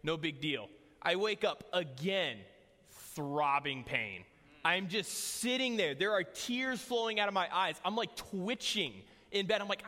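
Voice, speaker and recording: Young male preacher, bright voice, hall reverb. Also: high voice, animated, unhurried. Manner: casual, joking, storytelling. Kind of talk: sermon with personal story. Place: church hall.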